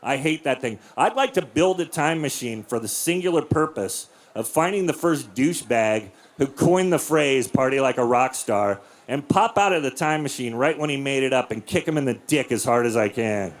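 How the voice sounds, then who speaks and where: A man in his forties doing a crude, deadpan stand-up set in a comedy club, acting out quotes in silly voices. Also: mid-range voice, normal speed, few pauses. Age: 40s. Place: comedy club with a live audience.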